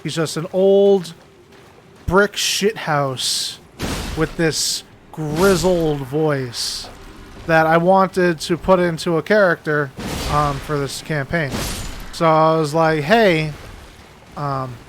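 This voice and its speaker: A man's voice: on the high side, fairly even intonation, slow pace, background noise. A man hosting a gaming channel, chatting casually and laughing often as he rambles through a story. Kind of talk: casual chat while gaming.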